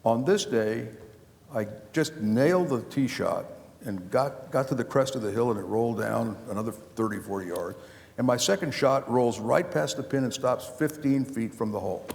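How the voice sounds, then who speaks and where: A man's voice: mid-range voice, gravelly, a little mellow. An older man, an author and former county official, telling rambling anecdotes with many restarts at a live book talk. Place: lecture hall before a live audience. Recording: long hall reverb.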